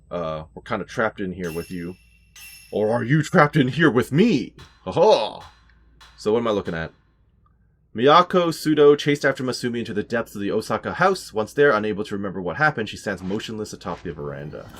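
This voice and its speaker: Over game music, a gameplay commentator with a fairly low, slightly bright voice gives let's play commentary on a horror game. He talks fairly quickly and animatedly with long pauses, wryly talking back to the enemies.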